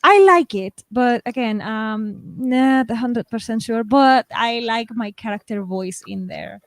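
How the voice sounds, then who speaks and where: A woman chatting cheerfully about her writing progress, laughing easily and pausing with fillers. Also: fairly high pitch, fairly even intonation, no echo. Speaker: guest writer. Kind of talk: casual chat.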